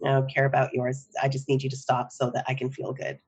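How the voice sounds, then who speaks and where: Low-voiced middle-aged woman, reflective. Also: monotone, quick pace, slightly rough. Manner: reflective, often asks "right?". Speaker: psychotherapist guest. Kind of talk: podcast interview.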